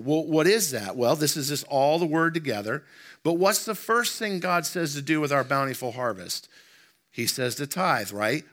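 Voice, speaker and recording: A man preaching a sermon as pastor, emphatic and full of rhetorical questions to the congregation, slowing down when he reads scripture aloud. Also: fairly high pitch, a bit bright. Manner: slows down to read scripture aloud.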